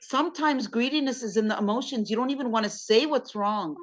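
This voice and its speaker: A woman's voice: a little high, brisk. A woman teaching a religious class on marriage in a casual, conversational way, often checking in with "okay?" and acting out what spouses say. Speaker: Islamic studies teacher. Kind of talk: casual spoken lecture. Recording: muffled lo-fi sound.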